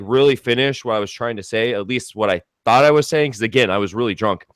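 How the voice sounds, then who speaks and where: A young man casually telling a long story, rambling and swearing, with lots of fillers and animated retellings. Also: medium pitch, dry recording. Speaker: storyteller guest.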